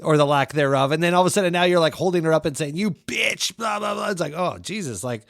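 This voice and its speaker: A man's voice: on the high side, quick pace, gravelly, dry recording, studio quality. A man in his thirties co-hosting a casual film podcast, wry and joking, trailing off with fillers. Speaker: podcast co-host.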